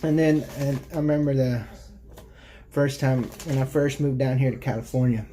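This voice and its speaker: Rambling, mellow-voiced man telling stories. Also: mid-range voice, steady tone, moderate pace, slight background noise. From Texas. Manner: rambling, many "you know" fillers. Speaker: YouTube storyteller. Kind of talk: casual anecdotal storytelling.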